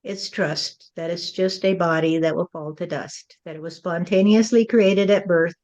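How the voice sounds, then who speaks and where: A woman's voice: lowish voice, fairly even intonation, moderate pace, darkish tone, muffled recording. A woman acting as a spirit medium, relaying channeled messages in a musing way and often tagging her lines with "you see.".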